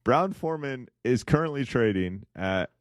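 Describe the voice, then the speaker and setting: A man's voice: mid-range voice, lively intonation, unhurried, no echo, studio quality. A man co-hosting a podcast, chatting casually and a little ramblingly about investing, with an occasional chuckle. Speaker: podcast co-host.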